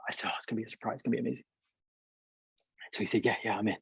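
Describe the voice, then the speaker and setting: A man's voice: on the low side, steady tone, racing, vocal fry, breathy edge, no echo, muffled recording. A man, a pastor, telling a story over a video call, with a rambling way of talking that repeats and restarts words.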